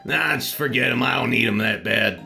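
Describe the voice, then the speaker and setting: A man voicing a weary, foul-mouthed stallion who speaks gruffly and curtly. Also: mid-range voice, brisk, sharp tone, faint music behind, heavily acted. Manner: gruff, bored, curt, swears.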